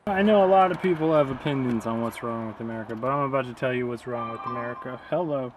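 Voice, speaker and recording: A man's voice: mid-range voice, fast talker, background noise. A man vlogging outdoors beside a river, talking casually in a sarcastic, rambling way. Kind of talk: casual vlog rant.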